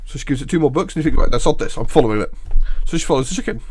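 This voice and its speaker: A man's voice: medium pitch, animated, racing, a little mellow, breathy edge, no room sound. A man co-hosting a podcast, telling long jokes in a rambling way and giggling at them. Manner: rambling storyteller, giggles at his own jokes. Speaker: podcast co-host. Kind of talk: casual chat, telling jokes.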